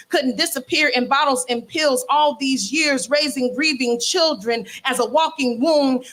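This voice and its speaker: A woman in her forties performs spoken word poetry on a stage mic. Her voice sits a little high and she takes her time, leaning hard on key words and letting the silences hang between them. At times she slips into a mock-solemn, exaggerated tone to get laughs. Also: a bit bright. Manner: slow, measured, emphatic delivery with dramatic pauses.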